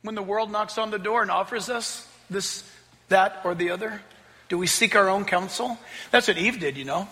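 A man preaching a sermon in an animated, conversational way, mixing scripture with joking asides. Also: high-pitched, moderate pace, big-room sound.

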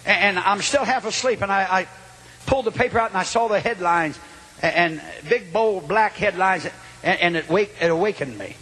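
An older man preaching a Pentecostal sermon, telling a story that swings from quiet asides to loud shouting. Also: high-pitched, moderate pace.

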